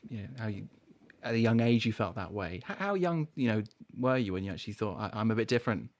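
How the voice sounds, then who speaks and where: Male host, twenties, brisk low voice, eager and agreeable. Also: big pitch swings. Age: 20s. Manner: eager, quick interjections and agreement. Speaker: podcast host. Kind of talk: casual interview chat.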